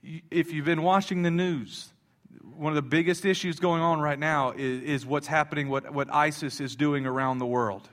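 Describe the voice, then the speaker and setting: A pastor preaching a sermon in a casual, joking storytelling way. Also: male voice, a little high, fairly even intonation, normal speed, fairly bright tone.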